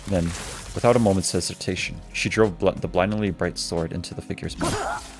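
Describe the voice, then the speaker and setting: A man's voice: low voice, fairly quick, music in the background. A male streamer reading a game's story text aloud, often restarting words he stumbles on.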